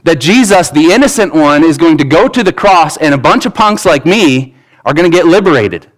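A man's voice: on the high side, poor audio. A pastor in his thirties preaching a sermon in an earnest, conversational way, with asides and restarts.

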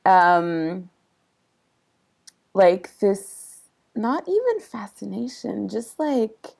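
A woman's voice: medium pitch, sing-song, drawn-out words, creaky, pauses often, a little mellow. A young woman from Sudan co-hosting a podcast, chatting casually and asking incredulous questions. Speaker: podcast co-host. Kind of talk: casual chat.

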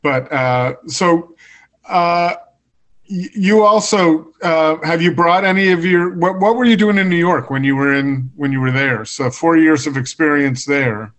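A male podcast host with a voice set a bit high for a man, talking casually with a guest. He stops and starts, filling gaps with frequent hesitations. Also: fairly bright tone. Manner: halting, many "uh" fillers.

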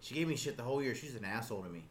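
A man's voice: mid-range voice, racing, slight background noise. A young man casually telling a story to friends, swearing freely and acting out voices with laughter. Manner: animated, swearing, acts out voices loudly while laughing.

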